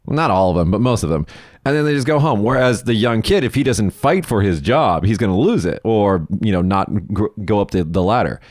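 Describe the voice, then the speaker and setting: Fast-talking man on a podcast. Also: lowish voice, dry recording, studio quality. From United States. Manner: animated, profane storytelling. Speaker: podcast co-host. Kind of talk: casual podcast chat.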